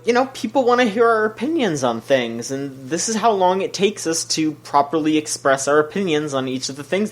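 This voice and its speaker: A young man co-hosting a casual podcast, rambling and self-conscious with lots of restarts. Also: on the high side. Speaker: podcast co-host.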